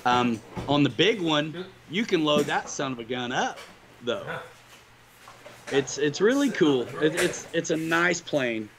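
Crowd noise is audible as a male livestream co-host chats casually with viewers, upbeat and rambling about his hobbies. His voice sits on the high side, very animated but unhurried.

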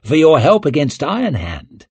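A man voicing a forceful male nobleman in a conspiracy, emphatic and insistent. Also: fairly high pitch, wildly swooping pitch, moderate pace, breathy edge, dry recording, voice pushed up, heavily acted.

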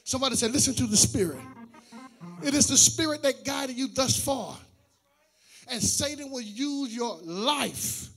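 A middle-aged man, a pastor, preaching a sermon with loud shouted and sung lines that drop into quiet joking asides. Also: very high-pitched, gravelly, husky. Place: church sanctuary.

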